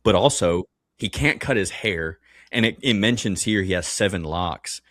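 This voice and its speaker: A man with a very deep voice co-hosts a relaxed Bible-study podcast. His pitch swings widely as he rambles, corrects himself mid-sentence and laughs often. The sound is close and completely dry. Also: normal speed, no echo. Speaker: podcast co-host.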